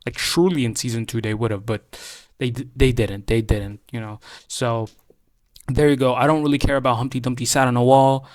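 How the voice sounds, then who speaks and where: A man's voice: mid-range voice, steady tone, brisk, a little mellow, dry recording, clean studio sound. A young man giving a casual anime reaction, ranting heatedly with swearing, stammered restarts and repeated phrases for emphasis.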